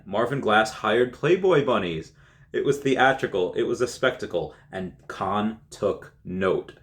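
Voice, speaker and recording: A man's voice: lowish voice, lively intonation, a little slow. A young man reading a magazine story aloud, often stopping to laugh and add casual comments of his own. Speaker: YouTuber reading an article.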